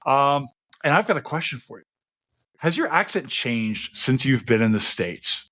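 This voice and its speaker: A man's voice: medium pitch, big pitch swings, a little slow, bright, forceful tone. A male podcast host with a mid-range voice chats with his guest. He is playful and a bit hesitant, and his sentences are full of fillers. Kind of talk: casual podcast conversation.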